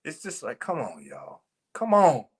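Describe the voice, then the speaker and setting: A man's voice: on the high side, very animated, measured pace, husky. A man co-hosting a ministry podcast, talking casually but emphatically, with preachy rhetorical questions. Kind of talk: casual chat.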